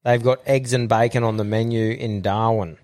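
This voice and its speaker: A laid-back Australian man chatting on a podcast at a medium pitch, swearing freely and joking around. He moves through the show in a loose, easy way. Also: fairly even intonation, normal speed, darkish tone. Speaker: podcast host. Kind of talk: casual podcast chat.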